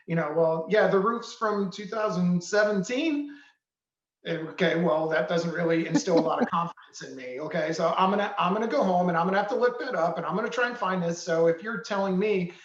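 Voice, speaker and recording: Brief animated male trainer, higher voice, roomy echo, dull audio. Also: fast. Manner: animated, acts out examples. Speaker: real estate trainer. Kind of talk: coaching talk with examples.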